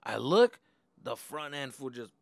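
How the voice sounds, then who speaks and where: A man's voice: medium pitch, measured pace, vocal fry, no room sound, clean studio sound. A young man from Arizona hosting a podcast, telling a story in a loose, slangy, profane way and acting out what people said. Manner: animated, slangy and profane, acts out quoted dialogue. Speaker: podcast host. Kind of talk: casual storytelling.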